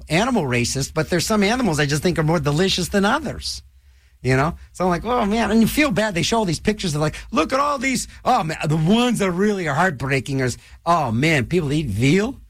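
An older man hosting a radio show, rambling and joking in a loose, animated way in a studio. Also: a little fast, no room sound. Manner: animated, rambling, jokey, restless pitch swings. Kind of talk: rambling radio host chat.

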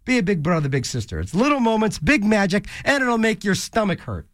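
High-voiced radio dj guy goofing around between songs, bouncy and all over the place, dry close mic. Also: very animated, fairly quick, fairly bright tone, no echo. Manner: goofy, rambling, jokey asides and silly voices. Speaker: college radio DJ. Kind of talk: casual DJ banter. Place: small radio studio. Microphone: studio microphone.

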